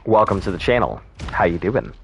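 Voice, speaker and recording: A man's voice: low voice, big pitch swings, a little fast, vocal fry, slight background noise. A man streaming a game live, chatting casually with viewers, joking and swearing freely. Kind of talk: casual live-stream chat while gaming.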